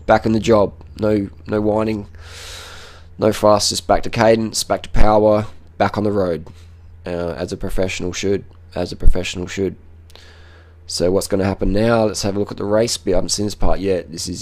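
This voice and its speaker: A man's voice: fairly low pitch, darkish tone. A man giving casual running commentary on race footage as a cycling vlogger, blunt and profane, repeating short phrases.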